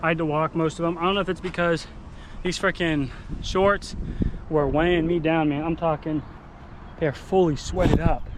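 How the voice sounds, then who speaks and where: A man's voice: fairly high pitch, fairly even intonation, moderate pace, noisy background. A man rambling and joking casually in a running vlog, sweaty and out of breath, talking into a handheld phone outdoors. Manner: rambling, jokey, self-deprecating. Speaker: vlogger.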